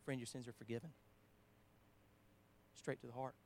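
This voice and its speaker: Guy preaching a sermon, talks casually, mid pitch, gets loud then drops really quiet. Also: little pitch movement, normal speed. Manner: conversational, with frequent restarts and quoted scripture; swings between emphatic and quiet, almost whispered asides.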